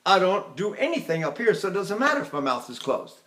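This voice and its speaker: Older man, voice teacher, rambling anecdotal lecture, high-ish speaking voice. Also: very animated, brisk, a bit bright. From Texas. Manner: chatty, demonstrating with sung vowels and anecdotes. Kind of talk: recorded vocal technique lecture.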